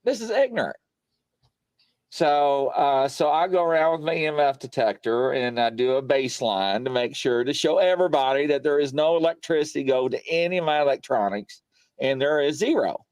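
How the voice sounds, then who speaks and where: A man hosting a paranormal show from his home studio, telling stories in a rambling, animated way full of fillers. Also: medium pitch, a little fast, clear, resonant tone, dry recording. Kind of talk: casual live-stream chat.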